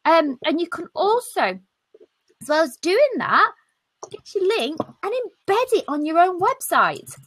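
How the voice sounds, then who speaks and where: A British woman hosts a live stream over a video call, and her voice rides high and swings widely as she talks. She sounds bright and brash, cracking jokes and throwing in mild swears. The sound is dry and close, with no room behind it. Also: big pitch swings, unhurried, dry recording. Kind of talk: casual live stream chat.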